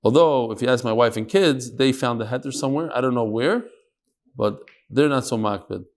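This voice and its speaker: A man's voice: mid-range voice, a little fast. A man teaching a Talmud class to a room of listeners, joking in asides between readings of the text. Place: classroom with live audience.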